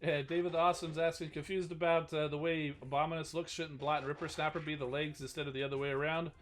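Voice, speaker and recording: A man's voice: fairly high pitch, level tone, fast talker. A man hosting a live stream, chatting casually about toy news and reading out chat questions, rambling with many restarts. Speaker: stream host.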